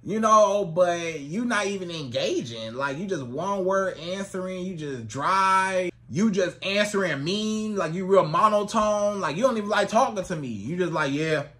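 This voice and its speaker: Bright, high-voiced man coaching on dating. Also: normal speed, hardly any pauses. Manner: animated, colloquial, repeats phrases. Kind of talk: casual advice talk to camera.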